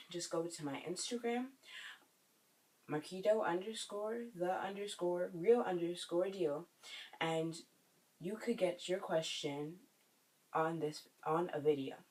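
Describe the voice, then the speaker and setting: A man hosting a language lesson video. He says each phrase slowly and repeats it syllable by syllable so viewers can copy it. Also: high voice, a little mellow, far from the mic, poor audio.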